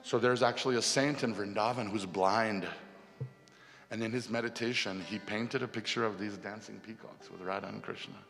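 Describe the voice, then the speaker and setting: A man retelling a devotional story in a casual, animated way to a festival gathering. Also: lowish voice, normal speed, vocal fry. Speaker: spiritual storyteller. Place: festival hall. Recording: long hall reverb, faint music.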